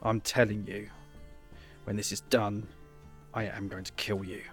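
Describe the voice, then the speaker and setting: A man's voice: high voice, little pitch movement, normal speed, fairly bright tone, soft background music, voice pushed up. A man voicing a young male bard who is possessed and angry, snapping at his companions. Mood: threatening.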